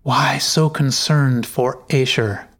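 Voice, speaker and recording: A man reading as a soft-voiced cunning noblewoman. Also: medium pitch, vocal fry, heavily acted. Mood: needling. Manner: soft, slow, needling. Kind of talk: storybook reading.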